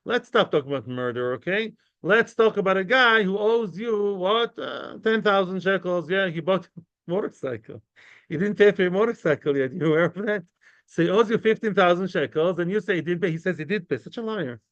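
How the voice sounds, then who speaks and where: A man giving an informal, animated Talmud class, chatty and lively, mixing English with Hebrew and Yiddish terms. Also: high voice, fairly quick, dry recording, lo-fi sound. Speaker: Talmud teacher.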